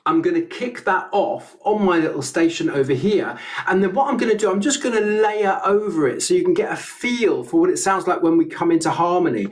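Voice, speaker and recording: A man's voice: high-pitched, expressive, brisk, hardly any pauses. A man teaching a harmony song in a live online singing lesson, explaining it step by step in a friendly way.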